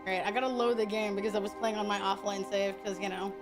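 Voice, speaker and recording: A woman's voice: medium pitch, fairly even intonation, quick pace, over music. A woman streaming a game, chatting casually with her viewers in crude, teasing banter and laughing often. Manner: frequent laughter.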